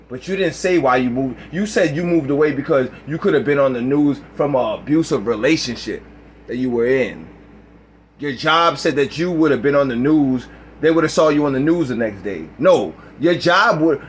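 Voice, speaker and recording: A man's voice: on the high side, slight background noise. A man recording a reaction video, ranting in a heated, profane way. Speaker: YouTuber.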